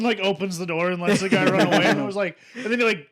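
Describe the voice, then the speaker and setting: A young man with a high voice co-hosting a comedy podcast. He riffs on made-up scenes and laughs through his jokes. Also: quick pace, a bit bright. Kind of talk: casual comedic banter.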